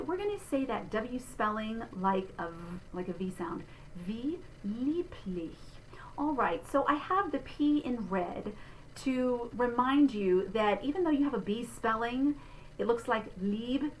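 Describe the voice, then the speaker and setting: A middle-aged woman teaches pronunciation as a vocal instructor. Her voice sits a bit high, and she explains patiently, modeling sounds slowly. A faint hiss of room ambience lies under her voice. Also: low-quality recording. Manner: clear, patient teaching with spoken and sung demonstrations. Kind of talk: diction lesson.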